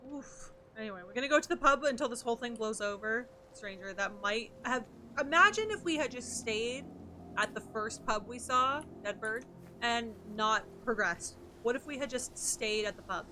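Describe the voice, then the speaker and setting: A woman's voice: on the high side, lively intonation, normal speed, bright, forceful tone, slight background noise. A woman streamer chatting playfully with her viewers while playing a game and answering their messages. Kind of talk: casual chat while playing.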